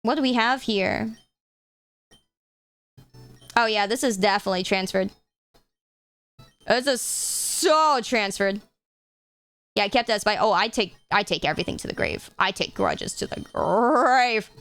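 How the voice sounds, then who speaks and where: A young woman streamer chatting casually while playing games, swearing freely and getting excitable. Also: medium pitch, measured pace, long pauses. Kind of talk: casual live-stream chat.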